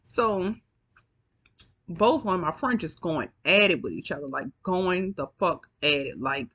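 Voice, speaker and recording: A woman's voice: fairly low pitch, expressive, measured pace, fairly bright tone, breathy edge. A woman telling a story to her viewers in a chatty, profane, casual way, yawning as she goes. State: yawning, sleepy. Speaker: storytime vlogger.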